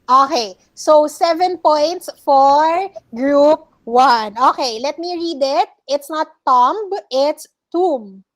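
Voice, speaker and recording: A woman's voice: high-pitched, slow, few pauses. A woman with a Filipino accent teaching a class over a video call, patiently correcting pronunciation word by word. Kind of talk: online class lesson.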